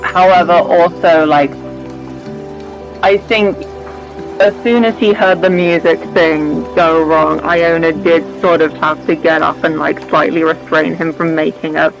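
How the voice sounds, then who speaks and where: A man's voice: fairly high pitch, flat delivery, a little slow, vocal fry, dull audio, over music. A man playing a character at a tabletop game, speaking thoughtfully and hesitantly. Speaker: player. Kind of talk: in-character role-play.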